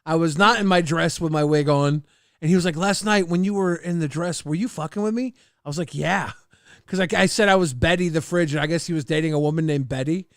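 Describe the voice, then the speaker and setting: A man's voice: fairly high pitch, brisk, no room sound, clean studio sound. A middle-aged man hosting a casual chat show, laughing through his own stories as he reads out chat comments. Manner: storytelling, laughs through anecdotes. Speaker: show host. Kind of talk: casual chat reacting to old clips.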